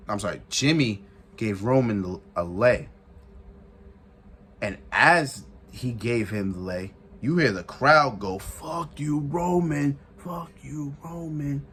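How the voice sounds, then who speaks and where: A man giving a casual, excitable recap of a wrestling event, repeating phrases for emphasis and laughing often. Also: lowish voice, husky. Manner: excitable, retells with shouted quotes and sound effects. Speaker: wrestling reviewer.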